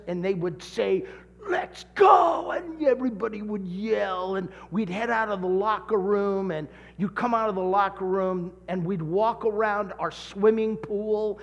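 High-voiced preacher in a reverberant hall. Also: male voice. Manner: storytelling, with dramatic shouts and drawn-out emphasis. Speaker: pastor. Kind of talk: sermon.

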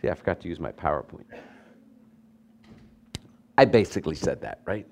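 A pastor preaching a sermon, telling stories with lively swings between loud emphasis and soft asides. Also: male voice, deep voice, moderate pace.

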